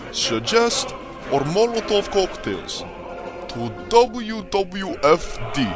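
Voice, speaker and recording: A pompous Russian braggart in broken English, as a man puts him on for a radio promo. He talks slowly with a swooping, sing-song lilt, a touch high, over clear background music. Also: heavily acted. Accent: put-on Russian. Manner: deadpan, mock-pompous, broken grammar. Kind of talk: comedy promo skit. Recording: music bed behind voice.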